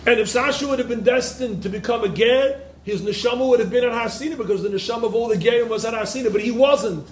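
A man's voice: very high-pitched, fast talker, hardly any pauses, a little hiss or hum. A man giving an impassioned Torah lecture to yeshiva students, repeating phrases for emphasis. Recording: echoey room.

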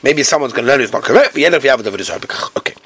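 A man's voice: mid-range voice, animated, rapid-fire, noisy background. A man with an English accent teaching a Talmud class, translating line by line with a sing-song chant and lots of Hebrew terms. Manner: acts out quoted speakers in sing-song chant.

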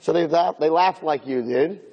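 A man's voice: on the high side, normal speed, long reverb tail, dull audio, a little hiss or hum. A man giving a humorous lecture to an audience, telling stories and acting out the scenes. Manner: animated storyteller, acts out scenes. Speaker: lecturer giving Torah classes.

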